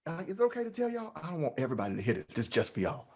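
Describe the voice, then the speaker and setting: A man's voice: on the high side, racing. A man speaking as a guest at an online meetup, giving a playful, preacher-like motivational talk. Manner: animated, playful, preacher-like delivery. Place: online meeting.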